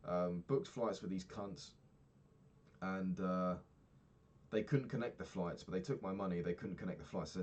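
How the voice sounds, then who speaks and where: Low-voiced young man ranting. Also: moderate pace, darkish tone. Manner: rambling, swears a lot, ranting. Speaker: vlogger. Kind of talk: casual diary vlog.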